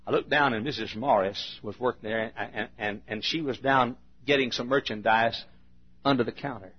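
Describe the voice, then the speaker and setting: An older man, a pastor preaching a sermon in a folksy storytelling manner, dropping to a hush and then bursting out loud. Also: medium pitch, fairly even intonation, moderate pace, breathy edge. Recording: dull, lo-fi archival sermon recording.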